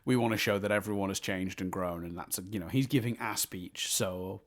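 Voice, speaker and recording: A man's voice: low voice, fairly quick. A man co-hosting a podcast, chatting casually about a film and laughing as he retells jokes. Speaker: podcast co-host. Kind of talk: casual film review chat.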